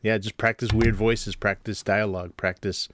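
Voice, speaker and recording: A man's voice: lowish voice, flat delivery, moderate pace, a bit bright. A man co-hosting a podcast, talking casually with many restarts and fillers. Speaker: podcast co-host. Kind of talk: casual chat.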